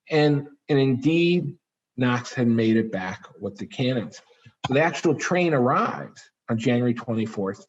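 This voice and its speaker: Male author, mid-pitched voice, animated storytelling lecture, dull lo-fi recording. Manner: animated storyteller, dramatic pitch swings, fillers. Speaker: author giving a library talk. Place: library talk room.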